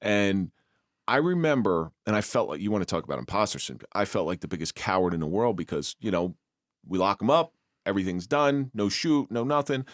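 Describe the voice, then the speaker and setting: A man hosting a podcast, a former police officer, talking casually and reflectively with halting restarts. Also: lowish voice, lively intonation, no echo, studio quality. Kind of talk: casual interview chat. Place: podcast studio.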